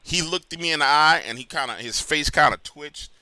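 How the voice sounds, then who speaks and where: A call-in show host with a New Orleans accent keeps things casual, his volume jumping from loud bursts down to low mutters. His pace is fairly quick and the recording is very noisy.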